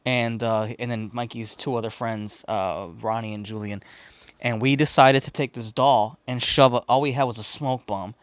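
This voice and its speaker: A podcast host from Chicago rambles through a story, swearing freely and acting out the voices of the people in it. His voice sits at an ordinary middle pitch for a man. The sound is dry and close, with no room around it. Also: moderate pace, clean tone, no echo. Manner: profane, rambling, animated retelling with quoted voices. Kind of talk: casual storytelling.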